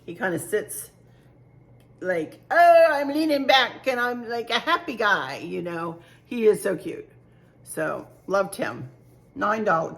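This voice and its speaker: A woman's voice: fairly low pitch, gravelly, fairly bright tone. A middle-aged woman chatting casually to camera about a shopping haul, chatty and gushing, often repeating herself. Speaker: home decor vlogger.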